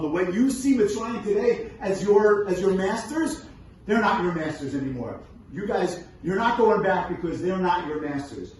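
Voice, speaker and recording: Animated high-voiced rabbi in an echoey room. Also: male voice, moderate pace. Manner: animated, asks rhetorical questions, reads verses and translates them. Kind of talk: Torah lesson. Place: event room at a brunch. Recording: very echoey room from far off, faint noise.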